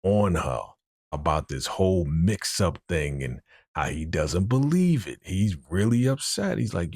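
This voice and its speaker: Gravelly low-voiced man recapping a show. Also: measured pace, no room sound, studio quality. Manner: animated, slangy, keeps saying "you know". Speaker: TV episode reaction host. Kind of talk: casual recap chat.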